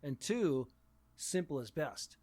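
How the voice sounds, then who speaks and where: Emphatic man, fairly high voice. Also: expressive, slow pace, a little mellow, dry recording. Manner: emphatic, repeats points for stress. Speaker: English teacher. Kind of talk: casual conversation.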